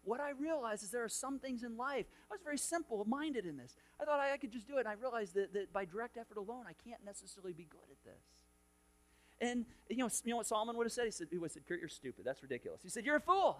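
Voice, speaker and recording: A middle-aged male pastor delivers a sermon in an extremely high-pitched voice. He tells a personal story packed with quoted dialogue and frequent restarts.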